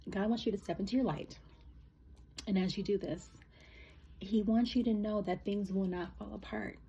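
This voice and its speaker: A woman giving a casual spiritual reading, rambling and emotional, with many halting fillers. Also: mid-range voice, mellow, husky, lo-fi sound. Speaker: spiritual reader.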